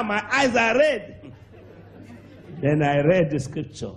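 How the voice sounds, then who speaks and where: A man with a Nigerian accent preaching a sermon, telling a testimony with animated acted-out voices and sudden shouts. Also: high-pitched, slow pace, slight background noise. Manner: animated storyteller, acts out voices, bursts into shouts and laughter.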